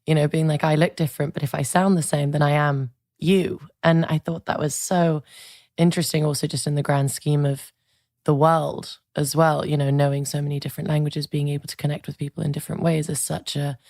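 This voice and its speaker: A woman hosting an interview, asking reflective, soft-spoken questions. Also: sits low, level tone, fairly quick, creaky, no room sound, clean studio sound. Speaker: interview host. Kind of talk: conversational interview.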